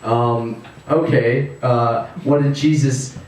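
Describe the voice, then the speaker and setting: A man's voice: medium pitch, fairly even intonation, darkish tone. A male stand-up comedian talks at a house party, stumbling through his jokes with plenty of "um"s and restarts. He sounds far from the mic, and the room rings with strong echo. A faint hum of noise sits underneath. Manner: rambling, halting delivery with many fillers. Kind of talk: stand-up set.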